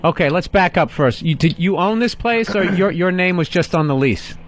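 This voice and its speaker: A man's voice: sits high, moderate pace. A man co-hosting a call-in radio show, teasing and sarcastic with callers. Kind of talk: casual call-in radio banter.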